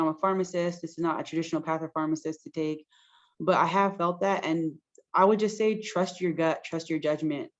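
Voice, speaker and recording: A woman's voice: lowish voice, highs cut off. A woman pharmacist giving frank, chatty career advice as a guest on a video call, full of likes and ums. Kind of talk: casual advice-giving interview.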